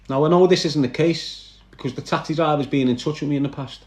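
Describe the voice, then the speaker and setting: A man with a Liverpool accent recounting his past in dramatic first-person storytelling, animated and speaking straight to his listeners. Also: a little high, brisk, few pauses, roomy sound. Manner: animated, addresses listeners directly.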